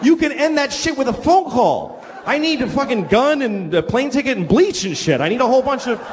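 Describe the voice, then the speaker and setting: Man, stand-up comic, high swinging voice, crude and blunt, reverberant hall. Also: big pitch swings, fairly quick, slight background noise. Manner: blunt and profane, with hesitant filler words. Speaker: stand-up comedian. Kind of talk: stand-up comedy. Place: stage in a comedy venue. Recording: long hall reverb on stage.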